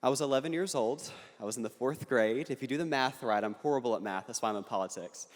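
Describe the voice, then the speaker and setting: A young adult takes the stage in a large university hall to address a crowd, politically, with conviction, punchy phrasing and quick humor mixed in. He speaks at a normal pitch while the big room's long reverb echoes after him.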